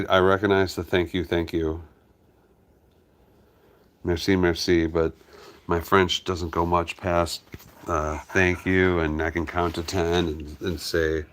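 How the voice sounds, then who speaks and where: Brief: very low-voiced male host, relaxed live-stream chat, dotes on his pets between comments. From United States. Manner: talks fondly to his dogs while reading viewer comments. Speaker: farm hospice channel host.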